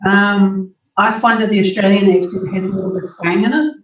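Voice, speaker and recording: A woman's voice: mid-range voice, fairly even intonation, a little fast. Kiwi woman cohost, lots of ums and likes, muffled and far away in an echoey room. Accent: New Zealand. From New Zealand. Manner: hesitant, many ums and likes. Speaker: podcast co-host. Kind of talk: casual podcast chat. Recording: dull, roomy, distant mic.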